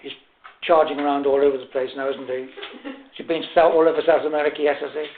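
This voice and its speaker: A man's voice: fairly high pitch, flat delivery, fast talker. An older English man lecturing to a class, hesitant with many fillers, wry and self-mocking. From England. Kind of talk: lecture with anecdotes. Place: lecture room. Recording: tinny echoey room recording, faint hiss.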